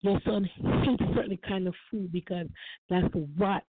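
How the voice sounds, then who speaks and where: A woman's voice: mid-range voice, steady tone, moderate pace. A woman speaks earnestly on a call-in show, repeating her phrases for emphasis. Her voice comes through a thin, phone-like line. The sound is dry, with no room echo. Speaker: guest on a call-in talk show. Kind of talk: emotional personal testimony.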